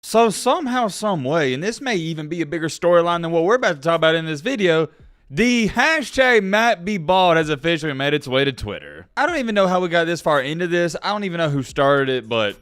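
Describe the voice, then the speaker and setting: Animated, sarcastic young man. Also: a little high, brisk, no echo, clean studio sound. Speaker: college football YouTuber. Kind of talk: talking-head sports opinion vlog.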